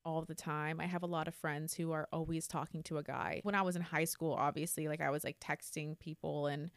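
A frank, plain-spoken woman in her twenties hosts a solo podcast, with profanity sprinkled through her casual talk. Her voice sits a little low. It's recorded close and dry, with no room sound. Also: a little fast, no echo. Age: 20s. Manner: candid and profane, animated when retelling stories. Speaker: podcast host.

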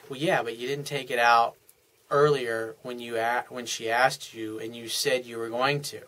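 Speaking off the cuff, a man gives earnest, frank relationship advice, walking through it step by step in casual, plain language. His mid-range voice is level and pushed to sound bright, at a moderate pace.

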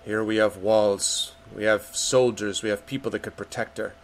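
A man's voice: lowish voice, steady tone, moderate pace, a little hiss or hum. A man narrating a tabletop game as game master, with loose delivery full of fillers, voicing the characters' lines himself.

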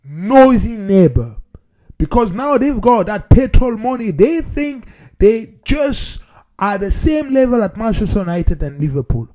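A man talking casually to his viewers in a playful, animated way, often repeating phrases for emphasis and calling his audience "people". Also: sits high, measured pace. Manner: non-standard grammar, repeats phrases for emphasis. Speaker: vlogger. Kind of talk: casual talk to camera.

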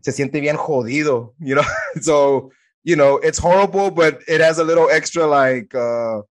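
A man's voice: a little high, normal speed. A man hosting a podcast in casual conversation, hesitant, with many "uh" fillers. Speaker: podcast host.

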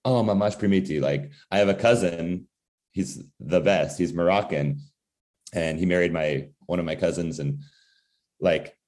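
A man's voice: sits low, fairly even intonation, measured pace, darkish tone. A man talking casually as a guest, profane and full of filler words. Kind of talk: casual conversation.

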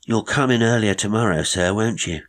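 A man's voice: on the low side, moderate pace, voice pushed up, close to an everyday voice. A man voicing a half-shy, sly teenage boy who confides hints in slangy, polite talk. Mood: confiding.

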